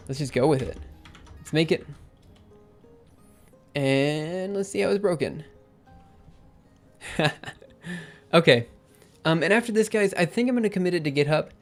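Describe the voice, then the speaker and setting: A young male programmer live streams himself coding, talking it through with lots of ums and fast self-corrections. His slightly high voice is a bit worn, as though he's losing it, and faint music runs beneath the clatter of his keyboard.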